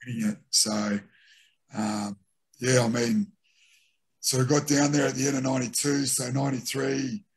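A husky, medium-pitched voice at a normal speed, with frequent pauses, belongs to this middle-aged Australian former rugby league player. Chatting in a casual interview, he animatedly recalls career stories and acts out what teammates said.

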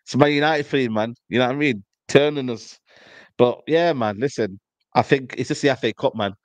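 A man's voice: mid-range voice, brisk, no echo. Slangy man ranting about football. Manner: animated storytelling, slangy, repeats "you know what I mean". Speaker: football podcast panelist. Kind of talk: casual fan banter.

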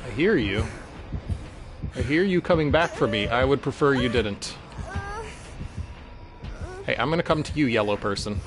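Lively self-mocking man playing a game. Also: medium pitch, moderate pace, long pauses, music in the background. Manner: self-mocking, exclaims and talks to other players. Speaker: gaming streamer. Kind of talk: let's-play commentary.

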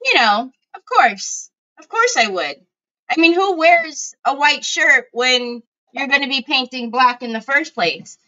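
Woman, livestream host, casual chat, smooth clear voice, a bit high. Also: lively intonation, a little slow, bright, forceful tone. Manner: chatty, greets viewers by name. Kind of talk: casual live-stream chat. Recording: dull lo-fi home stream audio.

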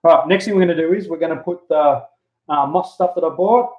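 Fairly high-pitched and brisk, a chatty man talks while working on models, relaxed and mildly profane. He's a hobby model builder and channel host giving casual how-to crafting chat, captured as dull audio on a handheld camera mic.

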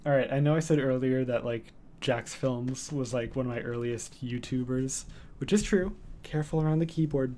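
A man streaming from home in casual chat, rambling with lots of fillers and cooing softly at his cat. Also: medium pitch, moderate pace, slight background noise.

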